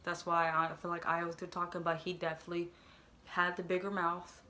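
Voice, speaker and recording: A young woman telling a comedic storytime in a deadpan, halting, mock-serious way. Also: on the low side. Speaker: storytime vlogger.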